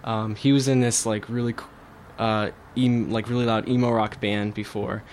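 A man's voice: fairly low pitch, level tone, moderate pace, a little mellow, a little hiss or hum. A young man, a band's guitarist and songwriter, chatting casually in a radio studio, rambling with lots of fillers and restarts. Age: young adult. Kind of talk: casual interview chat.

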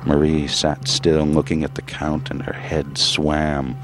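A man reading a literary story aloud in a measured, grave way with drawn-out pauses. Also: rumbling low, completely flat delivery, faint music behind. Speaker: narrator.

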